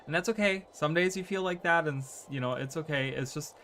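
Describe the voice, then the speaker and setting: A man's voice: fairly high pitch, brisk, pushed and bright, slight background noise. Rambling man chatting on stream. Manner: rambling, filler-heavy, often asks "right?". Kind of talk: casual chat to stream viewers. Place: home streaming room.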